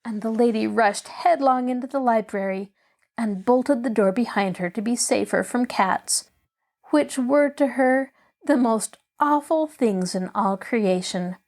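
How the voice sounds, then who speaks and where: A woman host reading a classic children's novel aloud in an expressive storytelling voice. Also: medium pitch.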